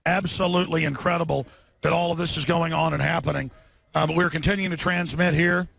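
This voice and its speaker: A man with a high-pitched, gritty, gravelly voice broadcasts live from a street protest. He rants in a fast, combative, indignant stream. He also leads slogans through a bullhorn. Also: fairly even intonation, fairly bright tone, slight background noise. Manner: rapid, combative, indignant rant. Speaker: talk show host.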